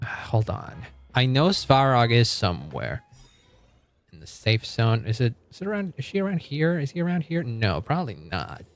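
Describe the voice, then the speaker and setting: A man's voice: mid-range voice, sing-song, moderate pace. A man streaming a game and chatting casually with his viewers. He rambles, restarts his sentences and laughs often. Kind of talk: casual live-stream chat.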